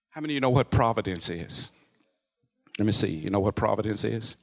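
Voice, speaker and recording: A male preacher telling a story in a sermon, dropping to a hush, then rising to loud, animated exclamations. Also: lowish voice, a little fast, creaky. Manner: animated, swinging from hushed narration to loud exclamations.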